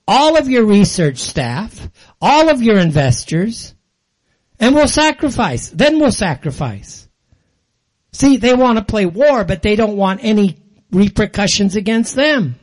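A man's voice: sits high, a little mellow. An older man hosting a show, delivering an angry, sarcastic monologue in blunt, ranting commentary. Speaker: show host.

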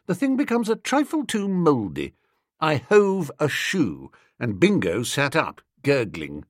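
Expressive male audiobook narrator. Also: a little high, husky, no echo, clean studio sound. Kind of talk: scripted narration.

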